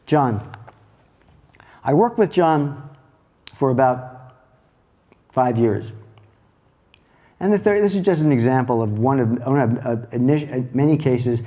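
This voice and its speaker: A man giving a lecture as a therapist, telling a clinical case in a reflective, halting way with soft restarts. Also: medium pitch.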